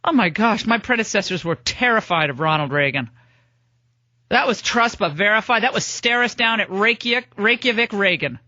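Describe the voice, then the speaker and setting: A middle-aged woman hosting a political talk radio show, delivering a sarcastic, mocking monologue of rapid-fire lists. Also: medium pitch, lively intonation, pushed and bright, dry recording, dull audio.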